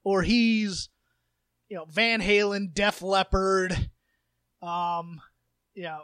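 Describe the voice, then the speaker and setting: A man co-hosting a podcast in casual chat, rambling and animated, slipping into mocking impressions. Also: sits high, slow pace, smooth, no echo, studio quality. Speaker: podcast co-host.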